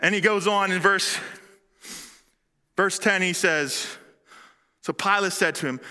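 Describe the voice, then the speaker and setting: A male preacher delivering a sermon in an animated, conversational way. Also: sits high, a little slow, long pauses, smooth. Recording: long hall reverb.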